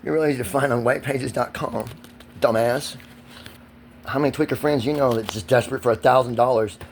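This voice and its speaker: Man in his 40s, gravelly fry-laden voice, profane rambling vlog rant, faint background hum. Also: mid-range voice, fairly quick. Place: outdoors.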